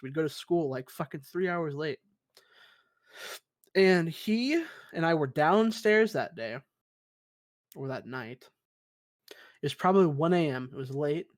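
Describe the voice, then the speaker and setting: A man's voice: a little high, no room sound. A young man co-hosting a podcast, chatting casually from his basement, cursing freely and calling everyone dude. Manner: laid-back, swears a lot, says dude. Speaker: podcast co-host. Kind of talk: casual chat. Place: basement room.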